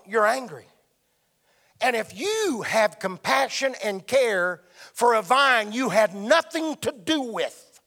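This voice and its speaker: A man preaches a sermon in a voice that sits high, slightly bright and creaky. His emphatic delivery swells and drops as he goes.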